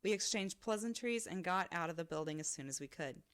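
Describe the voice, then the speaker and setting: A woman's voice: lowish voice, a little fast, clear, resonant tone. A woman co-hosting a podcast, reading out stories that listeners sent in, and laughing often as she goes. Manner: lively, bursts into laughter. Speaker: podcast co-host.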